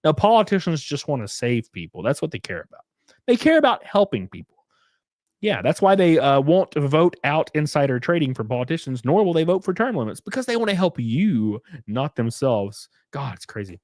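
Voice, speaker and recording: A man on a live stream, talking casually and sarcastically, swearing often and dropping into mocking put-on voices. His pitch swoops up and down with lively energy. The sound is close and dry with no room echo. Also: normal speed. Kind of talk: casual live-stream talk, reading chat.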